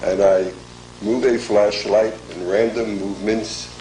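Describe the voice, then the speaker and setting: Slow, measured older man lecturing. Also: lowish voice, fairly even intonation, mellow, a little hiss or hum. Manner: measured, deliberate, pausing often. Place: lecture hall. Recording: echoey lecture hall.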